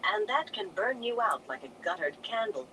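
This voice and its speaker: A reader voicing a commanding older woman leader who is brisk, wry and stern, in an audiobook reading. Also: mid-range voice, big pitch swings, background noise, pitched above the performer's own voice, natural voice. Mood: lecturing. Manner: cheerful yet stern.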